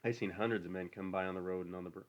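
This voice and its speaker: Man voicing a stable hand, older, lonely, bitter, needling, rural drawl, very deep voice. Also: steady tone, rapid-fire, close to an everyday voice. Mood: scornful. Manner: brooding, needling, rural dialect.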